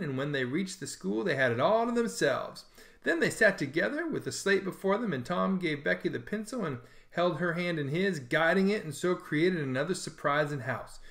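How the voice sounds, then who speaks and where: A man's voice: a little high, vocal fry, fairly bright tone. Man reading a story aloud. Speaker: narrator.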